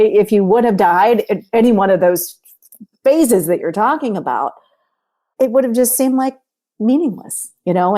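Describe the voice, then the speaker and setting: A middle-aged woman hosting an interview, speaking gently and reflectively from her own experience as a mother. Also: medium pitch. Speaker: podcast host. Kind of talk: empathetic interview conversation.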